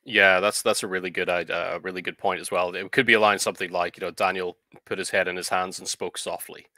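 Low, bright-toned man explaining editing. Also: little pitch movement, no room sound. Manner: measured, explanatory, frequent ums and uhs. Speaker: co-host of a writing advice show. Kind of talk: casual discussion on editing fiction.

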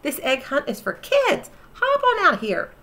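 A woman's voice: high-pitched, huge pitch swings, unhurried, bright, forceful tone, pitched above the performer's own voice, full character voice. A woman voicing a little girl at an egg hunt in a storybook reading. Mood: teasing.

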